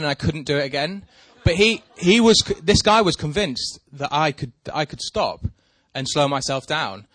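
A man's voice: on the high side, normal speed, few pauses, no room sound. A man telling a rambling, self-deprecating story in casual chat with a co-host. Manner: rambling, self-deprecating, animated when excited.

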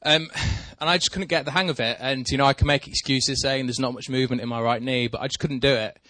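A man's voice: mid-range voice, fast talker, dry recording. A man telling a rambling, self-deprecating story in casual chat with a co-host. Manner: rambling, self-deprecating, animated when excited.

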